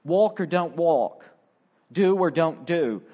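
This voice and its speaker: Middle-aged guy preaching, a bit high voice, gets dramatic and acts out the quotes. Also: animated, slow, mellow. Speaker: pastor. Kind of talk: sermon.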